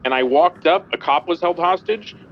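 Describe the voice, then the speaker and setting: A man's voice: on the high side, normal speed, dull audio, slight background noise. A man playing a senior police instructor, briefing trainees bluntly and emphatically in a game roleplay. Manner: blunt, emphatic, swears casually.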